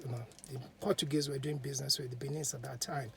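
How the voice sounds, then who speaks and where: Gravelly man telling a story. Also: mid-range voice, level tone, fast talker, few pauses, a bit bright, a little hiss or hum. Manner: chatty, drops to whispers. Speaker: podcast host. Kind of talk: casual oral storytelling.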